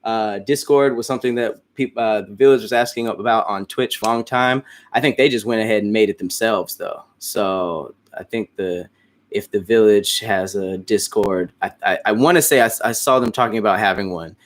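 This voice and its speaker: A man's voice: lowish voice, moderate pace. A man hosting a casual stream, chatting with his fans in a loose, rambling way, with frequent restarts and casual swearing. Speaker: host. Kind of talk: casual livestream chat answering fans.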